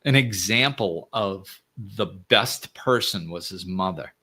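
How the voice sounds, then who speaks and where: Earnest, reassuring man with a low voice. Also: takes it slowly, breathy edge. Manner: earnest, gently reassuring, with frequent restarts and "you know". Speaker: podcast host. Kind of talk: reflective solo talk.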